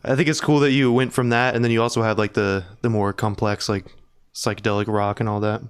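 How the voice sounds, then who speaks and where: A man's voice: fairly low pitch, level tone, fairly quick, clear, resonant tone. A man hosting a casual podcast interview, easygoing and laughing along with his guest. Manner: easygoing, laughs along, asks short questions. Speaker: podcast host.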